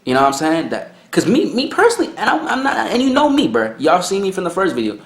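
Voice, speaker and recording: A young man hosting a reaction video, talking casually in an excitable, rambling, slangy way. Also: high-pitched, quick pace. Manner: excitable, rambling, slangy, lots of "you know what I'm saying". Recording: roomy, echoey room.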